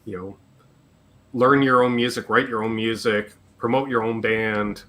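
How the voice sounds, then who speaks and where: A man's voice: lowish voice, fairly even intonation, unhurried, fairly bright tone. A man hosting a live Q&A stream, chatting casually and reading out comments from the chat. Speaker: show host.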